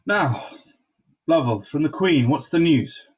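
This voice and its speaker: A man playing a husky, grave king. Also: on the high side, lively intonation, highs cut off, exaggerated voice. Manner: halting, with fillers and restarts. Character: grave king, commanding yet sorrowful. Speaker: stage actor. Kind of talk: Shakespearean stage acting.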